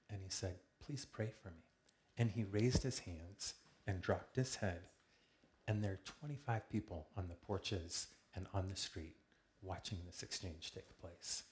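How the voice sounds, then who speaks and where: A man telling a personal story to a small group in a calm, earnest way, acting out the lines of the people in it. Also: deep voice, a little hiss or hum. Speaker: speaker sharing a testimony with a group.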